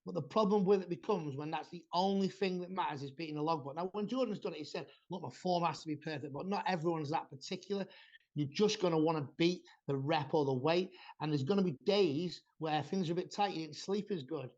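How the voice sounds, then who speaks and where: A man's voice: on the high side, fairly quick, a little mellow. A man hosting a casual podcast chat about training, blunt and swearing freely as he rambles through his points. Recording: dull lo-fi sound.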